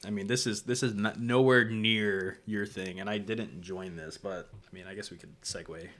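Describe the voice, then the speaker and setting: Lively young man telling a story. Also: on the low side, moderate pace. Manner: animated storyteller, acts out both sides of dialogue. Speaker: podcast host. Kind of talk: casual chat.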